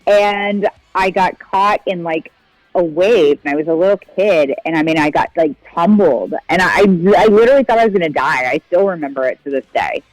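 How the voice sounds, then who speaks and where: A woman's voice: on the low side, lively intonation, moderate pace, no echo, poor audio. A woman from the United States, a nurse and former TV guest, casually rambling through a childhood story. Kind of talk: telling a personal story in an interview.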